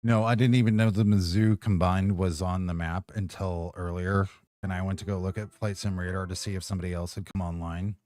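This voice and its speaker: A man with a fairly low voice chats casually on a live stream about controlling flight-sim traffic. He rambles, restarts his sentences and laughs easily. The sound is dry and close. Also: level tone, brisk, darkish tone, no echo.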